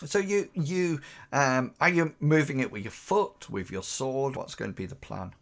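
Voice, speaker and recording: A man's voice: medium pitch, lively intonation, moderate pace. A man narrating as game master in a tabletop game, describing scenes with hesitant, filler-heavy phrasing.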